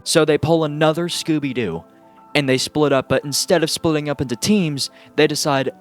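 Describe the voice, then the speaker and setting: A man casually recapping a horror movie with sarcastic, excitable asides and lots of fillers. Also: fairly high pitch, moderate pace, soft background music.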